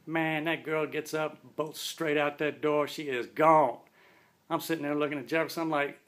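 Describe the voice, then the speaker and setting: A man's voice: on the high side, steady tone, normal speed, fairly bright tone. A middle-aged man telling a story in a casual, folksy, slangy way and often talking about himself in the third person.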